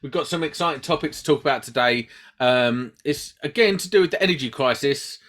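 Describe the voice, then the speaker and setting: A man's voice: a little high, fairly bright tone. A man hosting a trade podcast in chatty, joking banter. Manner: chatty, banter-filled, rambling with restarts. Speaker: podcast host. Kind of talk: casual podcast chat.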